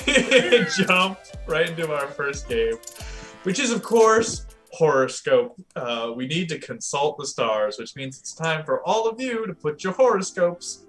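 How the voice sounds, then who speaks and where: A man emcees a comedy live stream with a bright, forward tone. His delivery is playful and loose, and he laughs easily between jokes. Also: fairly high pitch, sing-song, measured pace, faint music behind.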